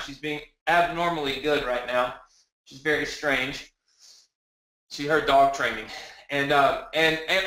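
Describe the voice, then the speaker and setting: A man presenting a live sales webinar from his home, energetic and repetitive, rallying the audience with questions. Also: on the high side, echoey room, low-quality recording. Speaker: webinar presenter selling a product. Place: home office.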